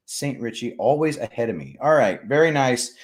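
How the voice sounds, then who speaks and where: With a medium-pitched voice at an ordinary pace, a man runs a live stream, casually chatting, reading comments from viewers and plugging sponsors. He's lively and jokey, sometimes loud, sometimes mumbling.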